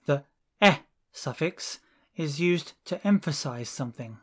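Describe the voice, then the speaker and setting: A language teacher reading lesson drills, saying each phrase slowly and deliberately, one at a time. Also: mid-range voice, animated.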